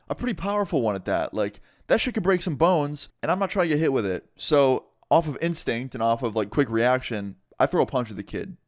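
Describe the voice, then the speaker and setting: A young man casually telling a storytime vlog with animated delivery and heavy swearing. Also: on the high side, no echo, clean studio sound. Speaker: vlogger.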